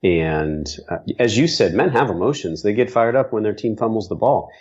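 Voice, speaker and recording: A man's voice: fairly low pitch, expressive, normal speed, a little mellow, breathy edge, dull audio. A man as guest co-host, speaking in an earnest, frank way and swearing for emphasis in casual conversation.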